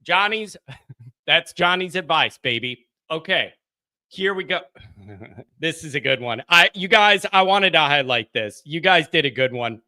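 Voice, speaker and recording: A man hosting a live fan call-in stream, rowdy and jokey, reading chat comments and riffing loudly. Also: on the high side, unhurried. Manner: rowdy and excitable, jokey, shouts bits for effect. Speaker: host of a fan call-in show.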